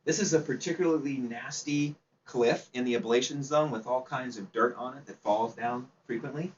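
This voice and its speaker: A man's voice: medium pitch, normal speed. Man teaching a club seminar from afar. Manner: chatty, asks the audience questions, laughs easily. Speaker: seminar presenter. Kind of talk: informal slide presentation to a club audience. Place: meeting room. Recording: distant, dull, faint background noise.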